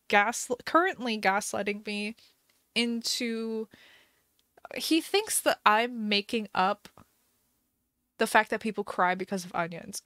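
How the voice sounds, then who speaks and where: A woman co-hosting a casual live stream, telling a story in an animated, exasperated and giggly way. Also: mid-range voice, no echo, clean studio sound.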